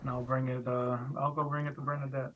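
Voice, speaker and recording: A man playing a tabletop game, speaking hesitantly with many pauses. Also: medium pitch, little pitch movement, a bit bright, muffled recording, slight background noise. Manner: hesitant, halting. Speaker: player.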